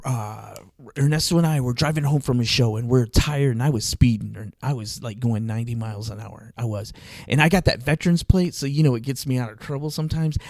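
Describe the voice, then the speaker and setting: A man casually telling an animated story on a podcast, laughing often. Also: mid-range voice, a little fast, few pauses, no echo. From Arizona, US. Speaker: podcast host.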